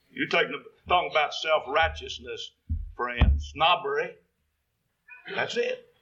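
Slow, high-voiced old-style preacher. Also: male voice, huge pitch swings, bright, forceful tone, lo-fi sound, faint music behind. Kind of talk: sermon.

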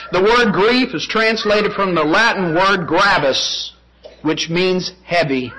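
A man's voice: on the high side, fairly bright tone, poor audio. A man preaching a sermon, emphatic, with rhetorical questions and repeated phrases.

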